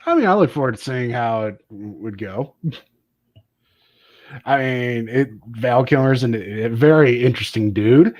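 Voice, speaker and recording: A man of middle pitch co-hosting a movie podcast. He answers in a relaxed, offhand way, keeping it short and slipping in dry jokes. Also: a little slow. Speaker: podcast co-host. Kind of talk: casual chat about movies.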